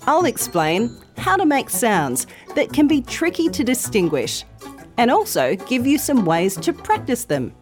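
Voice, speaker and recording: Slow, clearly enunciating woman teacher. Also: a little high, wildly swooping pitch, soft background music. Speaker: English pronunciation teacher. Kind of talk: scripted pronunciation lesson.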